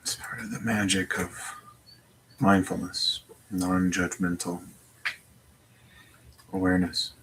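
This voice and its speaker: A man guiding a mindfulness meditation from his home in a slow, gentle voice with long pauses. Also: deep voice, little pitch movement, noisy background. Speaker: meditation teacher. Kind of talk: guided meditation.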